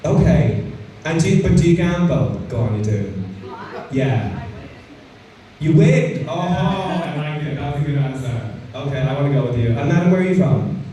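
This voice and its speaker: A man's voice: fairly high pitch, animated, moderate pace, noisy background. An Irish man doing stand-up, teasing the audience with profane, cheeky crowd work. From Ireland. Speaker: stand-up comedian. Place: comedy club stage. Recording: echoey club from far off. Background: laughing crowd.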